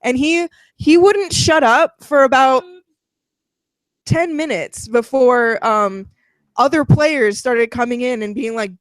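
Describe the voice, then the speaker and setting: A woman's voice: a little high, takes it slowly, long pauses, dry recording. A woman co-hosting a casual commentary chat, talking bluntly, swearing freely and rambling with fillers. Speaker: co-host.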